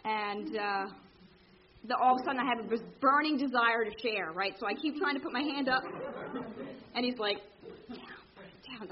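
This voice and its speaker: A woman telling her recovery story to a meeting, candid and animated, acting out the people in it. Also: medium pitch, a little fast, dull audio, a crowd in the background. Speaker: speaker sharing at a recovery meeting. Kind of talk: personal story told to a meeting.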